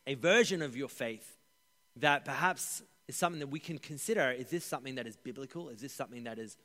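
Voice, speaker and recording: A man preaching a sermon as pastor, with an animated delivery that rises for emphasis and drops to a hush on key points. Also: medium pitch, quick pace. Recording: echoey hall.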